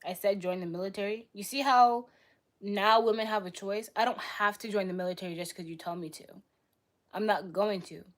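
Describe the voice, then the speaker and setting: A young woman hosting a live stream, arguing bluntly with her chat in rapid-fire retorts. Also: medium pitch, steady tone. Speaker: livestream host.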